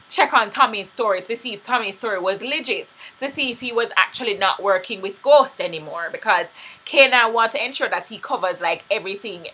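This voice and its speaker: A woman's voice: medium pitch, sharp tone, husky. A young woman casually recapping a TV episode, blunt and profane, acting out the characters' lines as she retells the story. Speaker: TV recap vlogger.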